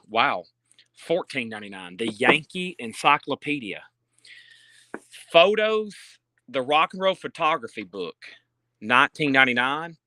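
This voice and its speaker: A man's voice: medium pitch, bright, forceful tone, no echo. A man selling books on a live stream from a store, reading out titles and prices with chatty asides, filming on a handheld phone. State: out of breath. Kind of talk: casual live sales patter. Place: indoor store.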